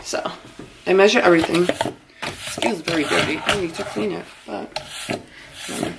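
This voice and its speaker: A woman's voice: on the low side, normal speed, vocal fry, long pauses, echoey room, very noisy. A young woman from Massachusetts chatting casually in her home kitchen, rambling through a story with lots of fillers. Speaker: vlogger. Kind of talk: casual vlog chat.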